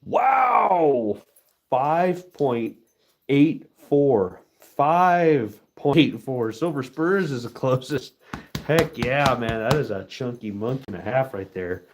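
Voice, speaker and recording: A man's voice: medium pitch, takes it slowly. A man casually chatting with his live-stream viewers while he works, laid-back and chatty. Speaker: livestream host pouring metal.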